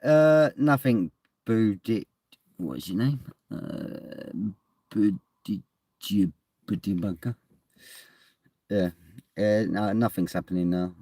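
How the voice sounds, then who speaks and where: A man's voice: low voice, takes it slowly, pauses often, mellow, no echo, studio quality. Rambling man chatting on stream. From England. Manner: rambling, laughs often, swears casually. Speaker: streamer reading chat. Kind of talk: casual live-stream chat. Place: at home indoors.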